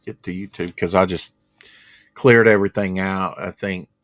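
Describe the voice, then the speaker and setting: A man with a somewhat low voice hosts a relaxed livestream from his home computer, wandering between tech gripes and comic-book trivia. He reads viewer comments aloud in an easygoing, rambling way. The sound is dry and close, with no room echo. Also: normal speed. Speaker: podcast host. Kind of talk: casual livestream chat about comics.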